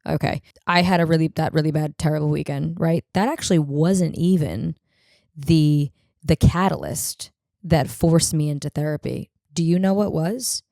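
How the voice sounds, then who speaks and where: Low, gravelly woman telling blunt stories. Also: moderate pace, darkish tone, no echo, clean studio sound. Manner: blunt, profane, rambling storyteller. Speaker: podcast host. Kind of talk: casual comedic monologue.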